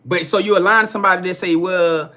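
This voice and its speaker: Casting: man, high bright voice, chatty live-stream card reader, loose and profane, keeps checking in with viewers. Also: steady tone, racing. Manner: repetitive, profane, chatty, laughs often; talks straight to viewers. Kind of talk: casual live-stream reading.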